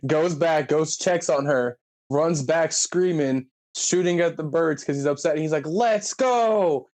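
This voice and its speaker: Animated storyteller acting out movie scenes. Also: medium pitch, measured pace. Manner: animated storytelling, acts out characters' lines. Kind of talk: casual chat recapping a movie.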